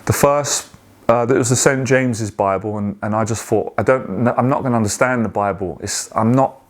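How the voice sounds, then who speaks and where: A man, giving an earnest personal testimony in a halting way, with many restarts and repeated words. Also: on the low side. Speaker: guest sharing a testimony.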